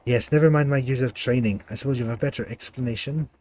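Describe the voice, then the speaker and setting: A man voicing a brisk, clinical woman scholar who studies souls. She speaks in a haughty way. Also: mid-range voice, a little mellow, close to an everyday voice.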